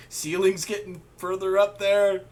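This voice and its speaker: A man's voice: high-pitched, level tone, slow, darkish tone. A man running a tabletop game as game master, rambling with fillers and laughing often. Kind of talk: narrating a tabletop game over an online call.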